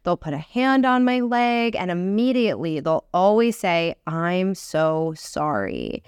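A woman's voice: mid-range voice, lively intonation, darkish tone, clear, resonant tone, no room sound, studio quality. Earnest woman hosting a self-help podcast. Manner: earnest, encouraging, slows down for emphasis. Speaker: podcast host.

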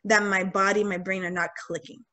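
A young woman telling a personal story in casual talk, candid and animated, acting out what people said. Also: medium pitch, fairly quick. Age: young adult. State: getting choked up. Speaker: guest sharing a personal story.

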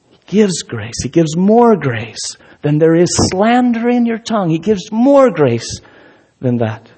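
A man's voice: mid-range voice, lively intonation, slow, darkish tone, breathy edge. A man preaching as a pastor, building to impassioned emphasis and then leading a closing prayer. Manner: impassioned, rising and falling emphasis.

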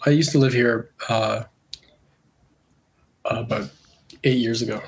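Congested guy from canada chatting in an interview, kinda halting, lots of fillers. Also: mid-range voice, gravelly. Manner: relaxed, hesitant with many fillers. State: congested from a cold. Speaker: illustrator guest. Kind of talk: casual interview chat.

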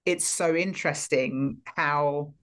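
A woman's voice: low voice, slow pace, a bit bright. A woman energy healer and coach, a podcast guest, talking reflectively and often circling back as she searches for the right words. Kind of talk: casual podcast conversation.

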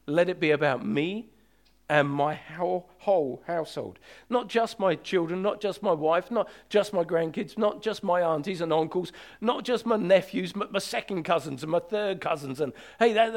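A man preaching a sermon as pastor, emphatic and urgent, slowing to draw out key words for weight. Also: high voice.

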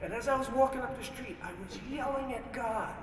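A man giving a personal testimony, telling his story in an animated way and acting out the voices in it. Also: very high-pitched, fairly quick, a little hiss or hum. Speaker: testimony speaker in a played video. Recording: video played in an echoey hall, heard from far off.

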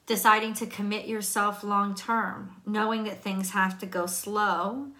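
A woman's voice: medium pitch, level tone, a little slow, sharp tone. Chatty woman reading tarot. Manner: chatty, laughs, restarts often. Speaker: tarot reader.

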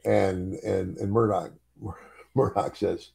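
A man's voice: on the low side, slow pace, gravelly, dark tone, husky. An older man and former wrestler telling a story in casual chat, chuckling often and repeating words as he goes.

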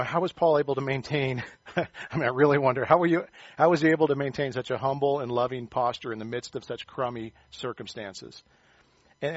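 Man preaching a casual, lively sermon. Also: mid-range voice, no echo. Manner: conversational, animated, self-deprecating humor. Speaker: pastor. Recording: dull, slightly muffled, dry sound.

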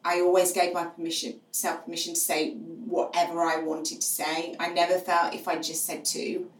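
A middle-aged woman, a guest on the show, telling her experience frankly and finding humour in dark moments. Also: lowish voice, level tone, normal speed. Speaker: guest, charity co-founder. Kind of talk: candid storytelling in conversation. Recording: roomy, distant mic with faint noise.

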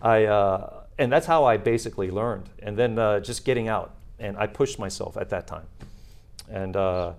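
A man's voice: on the low side, normal speed, gravelly, a little mellow. A middle-aged man, a retired Marine, talking casually in an interview with many fillers and restarts.

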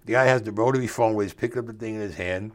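Older guy telling a story in an interview, low-ish voice, rough street talk, acts out the other people's lines. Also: very fast. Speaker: interview guest.

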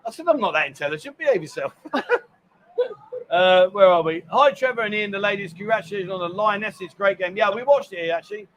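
A middle-aged man hosting a casual live stream from a lounge bar, reading out viewer comments and teasing his co-host with loud exclamations. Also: high voice, fairly quick. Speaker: livestream host.

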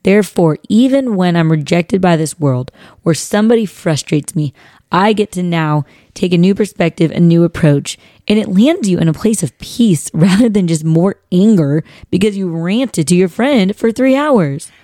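A young woman with a low, mellow voice shares personal examples in relaxed podcast chat. She speaks warmly and encouragingly and keeps saying "y'all." Her voice sounds close and dry. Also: normal speed, no echo. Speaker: podcast co-host. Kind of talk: casual faith podcast chat.

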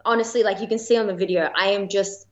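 Woman, Australian accent, podcast guest, chatty storytelling, filler-heavy, mid pitch, slightly muffled recording. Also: steady tone, fast talker. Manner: chatty, many fillers, laughs while telling. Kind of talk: casual personal storytelling.

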